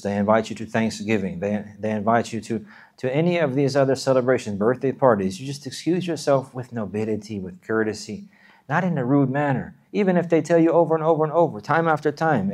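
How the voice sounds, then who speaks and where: A man preaching an earnest sermon at a brisk pace. He repeats himself often, restarts words, and breaks into rapid chanted recitation. His pitch sits in an ordinary middle range for a man. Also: darkish tone. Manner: earnest, repetitive, many restarts, recites verses in quick chant. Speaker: Islamic preacher.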